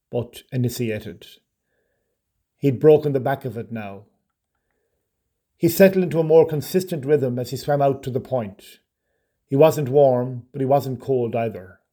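A man narrating a short story in a measured, even storytelling manner. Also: medium pitch.

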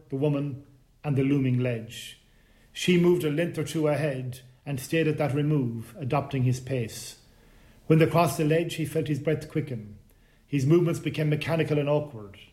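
A man narrating a short story in a calm, measured reading voice. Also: fairly high pitch. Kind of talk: scripted narration.

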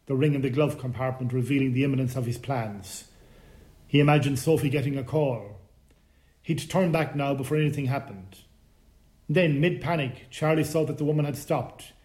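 A man narrating a short story in a calm, measured reading voice. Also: medium pitch. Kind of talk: scripted narration.

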